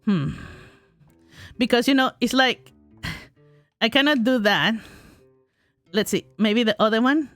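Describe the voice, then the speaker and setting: A woman's voice: a little high, unhurried, long pauses, fairly bright tone, dry recording, soft background music. A woman commentating her own gameplay, talking to herself, giggling often and crying out when things go wrong. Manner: giggly, self-talking, exclaims in frustration. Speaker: gaming streamer.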